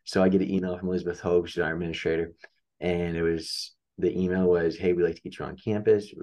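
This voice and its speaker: A man's voice: low-pitched, little pitch movement, quick pace, warm tone. A young man from upstate New York, a track coach telling a story in a casual interview, acting out the dialogue as he goes.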